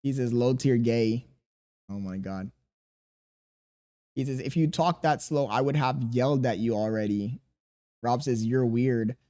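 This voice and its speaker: A young man talking on his livestream at a deliberately slow, laid-back pace. His pitch sits in an ordinary middle range, and he swears freely and answers his chat as he goes. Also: warm tone. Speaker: streamer. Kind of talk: casual stream chat.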